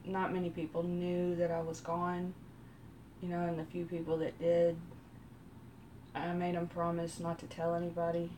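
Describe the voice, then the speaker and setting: A woman with a Texas accent telling a personal story in a slow, rambling way while doing her makeup on a live stream. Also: on the low side, mellow, slight background noise. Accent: Texan. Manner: slow rambling delivery with many pauses. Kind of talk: casual storytelling during a makeup routine.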